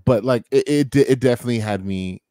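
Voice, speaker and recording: A man's voice: mid-range voice, quick pace, warm tone, dry recording, clean studio sound. A man in his thirties in a casual podcast chat, laid-back and stammering often.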